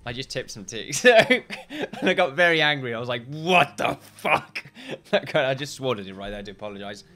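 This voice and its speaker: A man's voice: medium pitch, animated, fast, bright, forceful tone. A tired man casually commenting on his game play as a video host, rambling, correcting himself and chuckling often.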